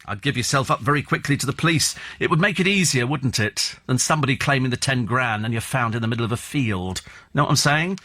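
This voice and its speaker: A man presents a newspaper review on talk radio, scoffing at each story with sarcastic tag questions. His voice is bright and edged, with a pitch that sits in the middle for a man. He is recorded in a radio studio. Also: animated, quick pace.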